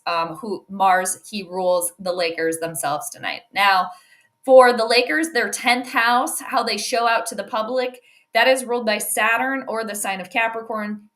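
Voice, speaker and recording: A woman's voice: medium pitch, a bit bright. A woman hosting a casual sports astrology talk, rambling with many "um"s and "like"s. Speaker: host.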